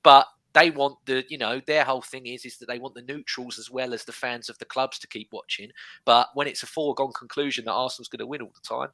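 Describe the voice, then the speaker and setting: Cohost, thirties man, bright forceful voice, run-on explainer. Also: medium pitch, fairly even intonation, fast, no echo. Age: 30s. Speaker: podcast co-host. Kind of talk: casual football chat.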